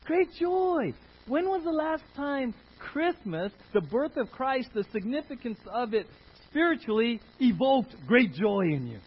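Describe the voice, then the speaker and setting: Animated high-voiced male preacher. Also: measured pace, breathy edge, lo-fi sound. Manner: animated preaching with call-and-response questions. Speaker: pastor. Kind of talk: sermon.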